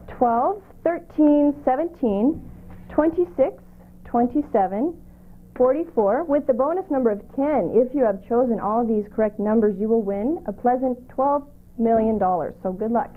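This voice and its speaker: A woman reads the local news and weather at an even, measured pace. Her voice sits a bit high. The audio is thin and tinny, like an old videotape. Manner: steady, measured reading. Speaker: news reader on community cable show. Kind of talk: read local news segment.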